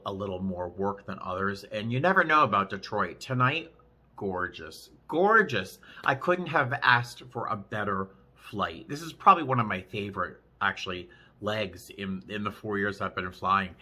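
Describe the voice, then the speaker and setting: A man casually vlogging while eating, chatting with frequent restarts and pauses to chew. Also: lowish voice, lively intonation, sharp tone. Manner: chatty, chewing between sentences; rambling with many restarts. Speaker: vlogger, flight attendant.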